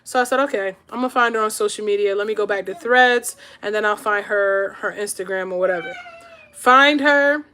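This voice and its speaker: A woman's voice: mid-range voice, a little fast, sharp tone, a little hiss or hum. A woman in her thirties telling a story to camera in a casual, chatty way, checking in with her viewers as she goes. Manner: chatty, keeps checking in with "all right?" and "right?". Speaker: podcast host telling a story.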